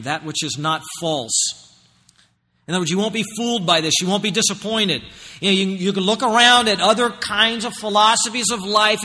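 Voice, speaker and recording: High, bright-voiced preacher in a reverberant hall. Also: male voice. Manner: emphatic preaching, swinging between loud and hushed. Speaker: pastor. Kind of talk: sermon.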